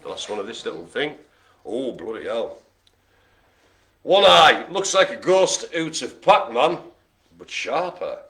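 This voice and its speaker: A man's voice: mid-range voice, sing-song, moderate pace, fairly bright tone. A man hosting a live bingo game, chatty and jokey, full of playful asides. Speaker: bingo host. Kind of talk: live-streamed bingo calling.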